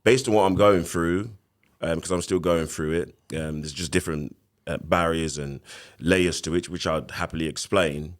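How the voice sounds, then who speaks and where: A man with a London accent in his thirties, a podcast guest telling his story in a casual, animated way. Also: low voice, normal speed. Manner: animated retelling with acted quotes.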